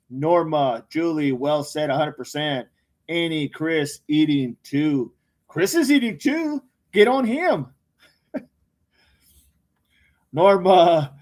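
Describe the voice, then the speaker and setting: High-voiced man reading live chat. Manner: reads viewer comments aloud by name, joking and quick responses. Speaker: livestream host reading chat.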